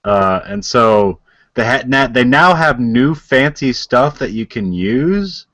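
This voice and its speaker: Giggly, chatty podcast co-host. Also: male voice, medium pitch, expressive, takes it slowly, fairly bright tone, no echo. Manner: giggly, chatty, filler-heavy explaining. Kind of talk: casual podcast banter.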